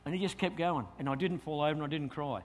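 A middle-aged Australian man, a pastor telling a lively story in a sermon and acting out his own thoughts. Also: a little high, fast talker.

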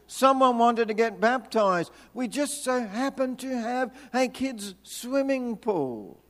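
A man's voice: extremely high pitch, animated, slow pace. An older man, from Tasmania, preaching a storytelling sermon with chatty, humorous asides. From Tasmania, Australia. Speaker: visiting preacher. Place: church hall. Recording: long reverb of a hall.

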